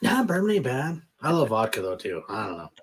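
A man's voice: medium pitch, huge pitch swings, fairly quick, slight background noise. A man hosting a casual interview show, laid-back and swearing freely. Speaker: podcast host. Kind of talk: casual chat.

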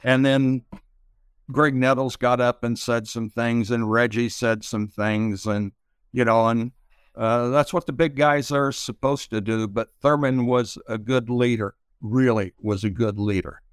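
An older man telling stories as an interview guest, halting with many pauses and fillers. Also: mid-range voice, level tone, smooth, no echo, studio quality. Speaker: interview guest, retired pitcher. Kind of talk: slow reflective storytelling.

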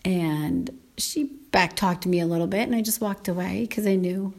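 A woman's voice: lowish voice, normal speed. A woman chatting casually on her husband's podcast, explaining how she handles her kids and quoting what they say. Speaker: podcast co-host, host's wife. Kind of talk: casual conversational chat.

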